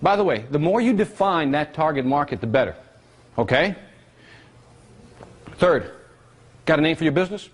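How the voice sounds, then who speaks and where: A male workshop presenter teaching a live seminar, energetic and constantly quizzing his audience with questions. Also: fairly high pitch, normal speed, pauses often, breathy edge.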